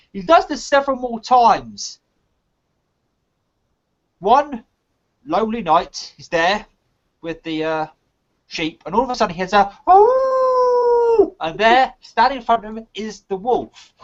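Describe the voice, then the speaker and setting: A man with a high voice chats casually on a live stream, turning his advice into a told fable with dramatic stresses. The sound is dull and lo-fi, like a web call. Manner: patient, explanatory storyteller with lively dramatic emphasis. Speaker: co-host of a live online chat.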